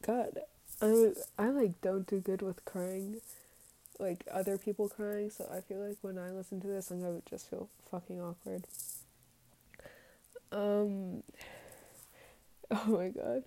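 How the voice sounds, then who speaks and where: Woman podcaster, warm low-key tone, candid and sweary, confessional diary monologue. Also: level tone, takes it slowly, pauses often, low-quality recording. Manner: candid and profane, reading out her text messages. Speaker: podcaster recording a personal diary episode.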